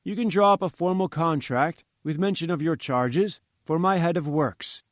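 A domineering older scientist barks orders and brushes off questions with lofty impatience, as a man reads him aloud. The voice sits a little high and sounds dry and close, with grand emphasis on the big words. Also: moderate pace, no echo, lightly acted. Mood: curt, haughty. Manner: commanding, dismissive, grandly emphatic. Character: imperious domineering male scientist, older, bearded. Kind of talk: audiobook character reading.

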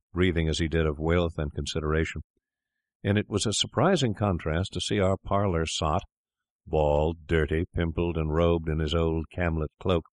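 A man reading a classic story aloud in a measured, deliberate narration. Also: deep voice, dry recording, clean studio sound.

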